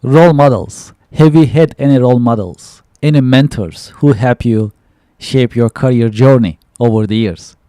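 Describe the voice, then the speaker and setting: Male host with a mellow dry voice. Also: medium pitch, moderate pace, no echo. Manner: reads prompts in short bursts, laughs along. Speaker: podcast host. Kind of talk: interview questions.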